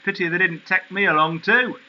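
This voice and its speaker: A man's voice: sits high, dull audio, slight background noise, close to an everyday voice. Man doing a homely Northern sheepdog. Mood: wistful. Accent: Northern English. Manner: slow, homely storytelling. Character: plain-spoken male sheepdog telling his story.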